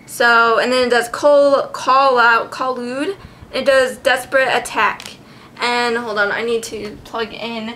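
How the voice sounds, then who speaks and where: A young woman with a high, bright voice in a relaxed, unhurried vlog chat. She giggles, sounds out names and swears freely. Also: a little hiss or hum. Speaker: card collection vlogger. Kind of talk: casual chat.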